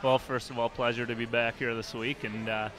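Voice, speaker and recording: A man's voice: mid-range voice, level tone, a little fast, a bit bright. A man speaking as an assistant hockey coach, answering questions plainly and steadily in a restaurant. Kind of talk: casual interview answers.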